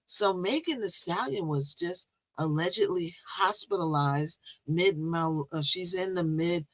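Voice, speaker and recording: A woman hosting a live-stream gossip show in casual, chatty talk, teasing and repeating herself, with sudden loud leaps in pitch. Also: measured pace, no room sound, rough recording. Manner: chatty, repetitive.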